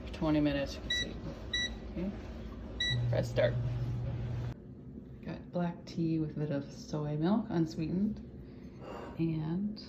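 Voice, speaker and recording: A woman's voice: lowish voice, dull audio, noisy background. A woman casually narrating a food vlog from her home kitchen, in a chatty, rambling, matter-of-fact way. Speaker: food vlogger. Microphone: phone held or propped nearby.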